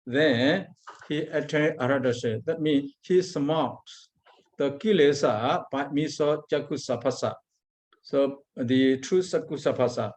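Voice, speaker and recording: A Burmese monk, a man whose first language is Burmese, giving an Abhidhamma lecture in halting English. He searches for words and recites Pali passages before explaining them. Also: medium pitch, a little mellow. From Myanmar. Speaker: Buddhist monk teacher.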